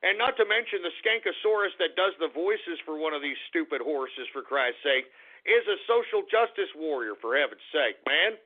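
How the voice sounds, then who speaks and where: A man hosting a talk radio show who rants in a mocking, profane way as he reads out listener shout-outs. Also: on the high side, lively intonation, normal speed. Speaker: radio host. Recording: tinny phone-line radio sound.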